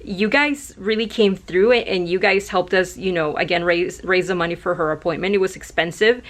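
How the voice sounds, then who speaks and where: A woman's voice: on the low side, moderate pace. A young adult woman vlogging, talking to camera in an emotional, grateful way, rambling with many fillers. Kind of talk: casual talk to camera.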